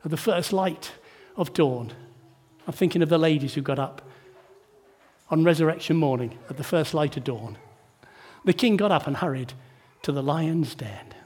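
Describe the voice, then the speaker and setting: A man preaching a sermon in church, asking the congregation rhetorical tag questions and shifting between hushed and emphatic delivery. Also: on the high side, normal speed, breathy edge.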